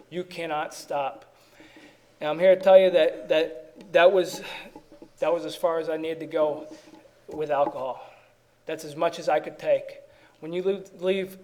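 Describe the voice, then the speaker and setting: Guy with a slightly high voice telling his recovery story, rambly, lots of restarts, jokes on himself. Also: a little mellow. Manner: rambling, many restarts, self-deprecating humor. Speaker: AA speaker. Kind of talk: personal recovery story at a meeting.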